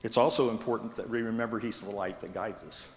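A man preaching a sermon in a church, telling stories with gentle humor. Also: fairly low pitch, fairly even intonation, fast. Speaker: pastor. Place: church sanctuary. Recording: echoey church hall from a distance.

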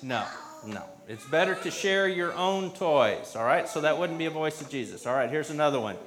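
Man, slightly high voice, leads a children's sermon with patient, simple questions. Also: lively intonation, a little fast, a bit bright. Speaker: pastor leading a children's message.

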